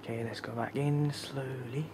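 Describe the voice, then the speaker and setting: A man talks casually to his viewers outside at night, his voice tight from shivering in the cold. He speaks at a middling pitch, sometimes dropping to quiet murmured asides. The built-in camcorder mic picks up a faint hiss of outdoor air around him. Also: steady tone, moderate pace. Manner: chatty, with fillers and some quiet murmured asides. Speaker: vlogger. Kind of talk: casual vlog narration.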